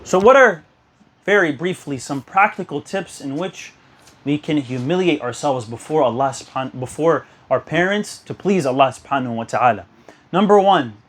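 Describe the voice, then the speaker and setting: A young man giving an earnest sermon to a youth gathering, telling stories and urging listeners. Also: fairly high pitch. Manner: earnest, exhortative, storytelling. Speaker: youth speaker.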